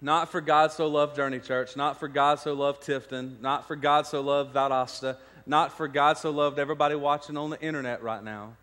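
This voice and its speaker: At normal speed and with few pauses, a pastor delivers a sermon in a steady, medium-pitched, slightly bright voice. The church sanctuary gives a long reverb tail as his storytelling rises into emphatic preaching.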